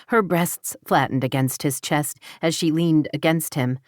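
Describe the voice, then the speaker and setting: A woman with a low, deep voice reads an audiobook romance in steady scripted narration. The delivery is even, and the sound is dry and close with no room around it. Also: measured pace, no room sound.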